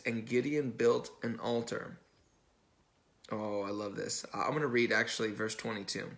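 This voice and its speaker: Conversational preaching man, middle pitch. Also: vocal fry, a bit bright. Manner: conversational preaching with restarts and self-corrections; acts out the dialogue from the story. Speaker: pastor. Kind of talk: sermon.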